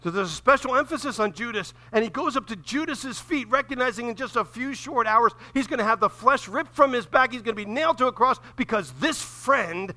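High bright-voiced male preacher, emphatic. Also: lively intonation, brisk, hardly any pauses. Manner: swings from loud emphatic preaching to hushed near-whisper; repeats phrases for emphasis. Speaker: pastor. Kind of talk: sermon.

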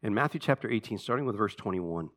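A man preaching a sermon to his church, swinging between hushed, slow passages and emphatic, animated ones. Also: on the low side. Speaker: pastor.

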